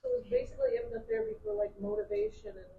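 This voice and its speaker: A woman interviewing a speaker in front of a class, cutting in with quick prompts and questions. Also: extremely high pitch, huge pitch swings, gravelly, phone-quality sound.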